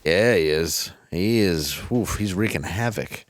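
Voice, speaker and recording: A man's voice: deep voice, a little slow, hardly any pauses, no room sound, clean studio sound. A man hosting a comedy podcast, joking casually and reading a sponsor ad with mock gravity. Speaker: podcast host.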